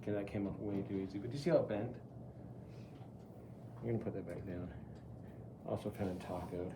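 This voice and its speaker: At the pottery wheel, a middle-aged man briskly talks students through each step of a live throwing demonstration, keeping it chatty. His voice is lowish and fairly even, with background noise behind it.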